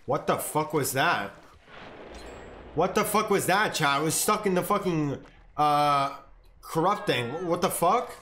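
A young man streaming a video game, swearing, shouting and laughing as he reacts to the match. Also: a little high, unhurried, slight background noise. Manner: profane, excitable, yells and laughs at the game. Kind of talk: live gameplay commentary.

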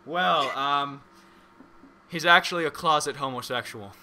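A man's voice: fairly high pitch, measured pace, bright, forceful tone. A young man co-hosting a casual podcast, mocking his friends and laughing a lot. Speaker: podcast co-host. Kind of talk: casual teasing banter.

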